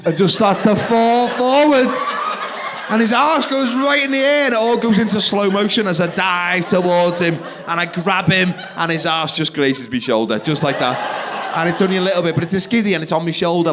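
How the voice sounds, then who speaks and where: Brief: male stand-up, thirties, fairly high voice, animated live storytelling on a theatre stage. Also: slight background noise. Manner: animated, acts out kids and wife in quick voices. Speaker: stand-up comedian.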